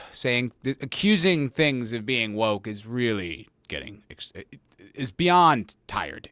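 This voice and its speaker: A man's voice: mid-range voice, a bit bright, dry recording, studio quality. Sarcastic, rambling male podcast host. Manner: sarcastic, rambling, profane, laughs often. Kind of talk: casual solo commentary.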